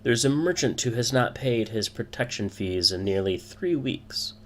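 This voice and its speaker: A man's voice: medium pitch, animated, normal speed, a bit bright, a little hiss or hum, voice pushed up, natural voice. A man doing a pompous thieves' guild boss. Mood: grandly menacing. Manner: pompous and formal.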